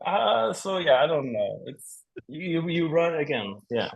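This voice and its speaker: A man in his forties chats as a guest in a relaxed interview. He rambles through his answers, drops curse words and laughs easily, and his pitch jumps up and down a lot. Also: unhurried, creaky, muffled recording. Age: 40s. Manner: animated, rambling, swears freely, laughs often. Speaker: comic book writer, guest. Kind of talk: casual interview chat.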